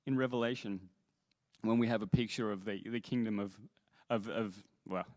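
Earnest low-voiced male worship leader. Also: fairly even intonation, moderate pace, a little mellow, dry recording, clean studio sound. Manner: earnest, with hesitant restarts and emphatic quoted scripture. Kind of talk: sermon-style talk.

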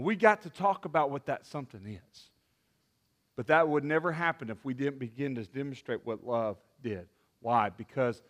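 A man preaching a sermon as a youth pastor, impassioned, with restarts, swinging from loud to hushed. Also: mid-range voice.

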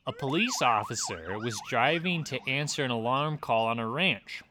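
A man's voice: mid-range voice, huge pitch swings, normal speed, noisy background. A man co-hosting a podcast, chatting casually and reading out reports in a playful, teasing way. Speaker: podcast co-host.

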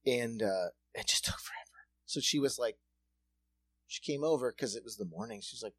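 A man's voice: mid-range voice, fairly quick, breathy edge, no echo. A man co-hosting a podcast, telling a rambling, joking story in casual chat. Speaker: podcast co-host.

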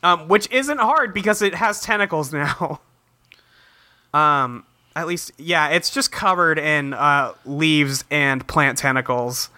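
A man co-hosting a casual podcast chat, recapping a cartoon and acting out the characters' lines in quick put-on voices, swearing freely. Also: a little high, pushed and bright, no room sound. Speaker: podcast co-host.

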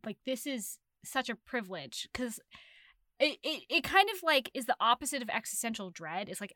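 A woman's voice: medium pitch, bright, forceful tone, no echo. A woman hosting a casual book podcast, talking with gushing, emphatic enthusiasm. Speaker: podcast host. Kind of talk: casual chat.

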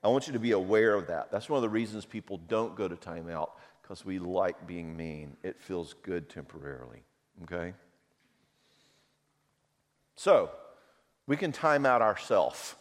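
In a low voice at normal speed, with long pauses, a middle-aged man speaks conversationally about marriage and anger. He animatedly tells personal stories, performing the voices of those he quotes, and a long hall reverb trails his words.

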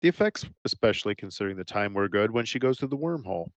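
A man's voice: fairly low pitch, lively intonation, quick pace, no echo, dull audio. A man hosting a podcast, keeping his voice down as he steers the talk toward the ratings. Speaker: podcast host. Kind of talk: casual film discussion.

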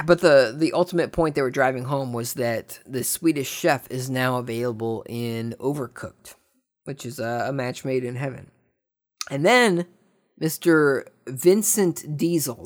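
An American man chats loosely about game announcements at a middling pitch. He wanders off track, loses his words, and drops wry, sarcastic remarks along the way. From United States. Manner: rambling, trails off, sarcastic asides. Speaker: host. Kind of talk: casual gaming news commentary.

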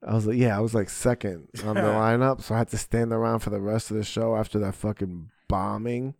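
A young man, a comedian and podcast host, telling a profane, animated story in casual chat. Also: on the low side, a little fast, gravelly, no echo, studio quality. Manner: profane, animated storytelling with frequent "bro" and "right?".

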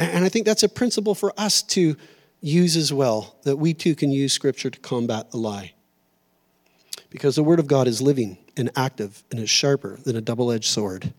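A middle-aged pastor preaching a sermon in a church auditorium, conversational and storytelling, with self-deprecating humor. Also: male voice, fairly high pitch, darkish tone.

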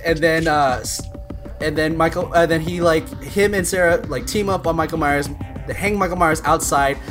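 A woman co-hosting a podcast, retelling a movie plot in a rambling way, acting out the lines and laughing often. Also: on the low side. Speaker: podcast co-host. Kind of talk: casual movie recap chat.

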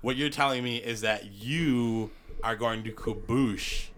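A man's voice: mid-range voice, unhurried, a bit bright, a little hiss or hum. A slightly drunk man co-hosting a podcast in casual chat, rambling, swearing freely and restarting his sentences. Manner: rambling, profane, trails off and restarts. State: a little drunk. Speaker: podcast co-host.

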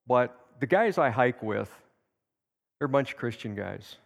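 A creaky, medium-pitched male voice at a measured pace fills a large hall, the sanctuary of a church. Teaching at the service, the man tells a personal story in a folksy, anecdotal way, acting out quotes vividly.

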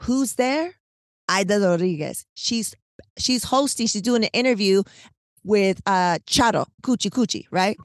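A woman co-hosting a podcast, telling a long story in casual, animated, slangy chat, full of "like" and "right?". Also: medium pitch, a little slow, no room sound, studio quality. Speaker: podcast co-host.

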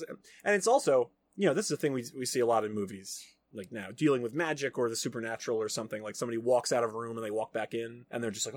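A man's voice: mid-range voice, quick pace, hardly any pauses. A young adult man hosting a podcast, casually recapping a film in a rambling way, full of "like" and "you know.". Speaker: podcast host.

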